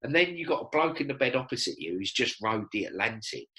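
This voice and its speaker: A man, telling lively stories as a podcast guest and acting out quoted lines. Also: medium pitch, quick pace, low-quality recording. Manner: animated storyteller, acts out quotes. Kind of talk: casual storytelling chat.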